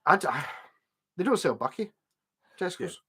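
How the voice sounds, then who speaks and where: A man's voice: sits high, big pitch swings, normal speed, sharp tone, slightly rough. A Scottish man in his forties hosting a livestream, chatting casually and telling rambling anecdotes with a chuckle. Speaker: livestream host.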